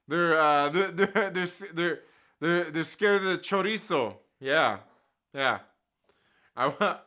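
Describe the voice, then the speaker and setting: A man's voice: on the high side, pushed and bright, clear, resonant tone. A man hosting a live stream, chatting casually with his viewers and reading their comments aloud, with slangy, profane jokes. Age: adult with children. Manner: slangy, profane and joking, laughs often.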